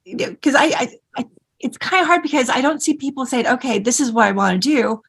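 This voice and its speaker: A woman hosting an interview, asking effusive, halting questions with many restarts. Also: sits high, expressive, gravelly, slightly rough. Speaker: interview host.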